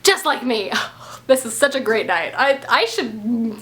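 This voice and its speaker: A woman's voice: on the high side, expressive, measured pace, a bit bright. A young woman book vlogger unboxing at home, gushing and giggly, tripping over her words as she talks to the camera mic. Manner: gushing, breathless and giggly, stumbling over names. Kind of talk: excited unboxing vlog. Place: home, indoors.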